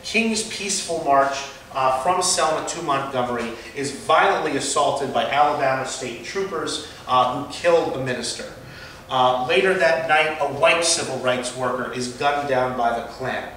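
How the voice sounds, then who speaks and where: A man's voice: mid-range voice, normal speed, sharp tone, recorded from a distance, a little hiss or hum. Guy teaching a history class, lots of uhs, super echoey room, mic way off. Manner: unscripted with frequent fillers and restarts. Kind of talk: lecture.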